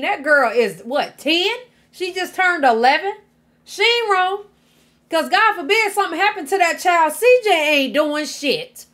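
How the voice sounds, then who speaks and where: A woman's voice: sits high, fairly bright tone. A woman hosting a reaction channel, commenting bluntly in casual speech, exasperated and swearing freely.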